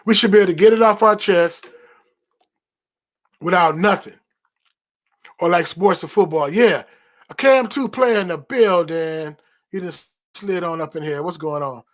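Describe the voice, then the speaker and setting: A man's voice: high voice, normal speed, pauses often. A man hosting a podcast, talking in an emphatic, repetitive, preacherly cadence. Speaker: podcast host. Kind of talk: preaching-style podcast monologue.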